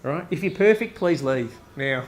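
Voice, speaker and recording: A man with an Australian accent preaching a casual, joking sermon at a live chapel service, often tossing in a quick "right?" to the crowd. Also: a little high, lively intonation. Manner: conversational, joking, frequent "right?" asides. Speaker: pastor.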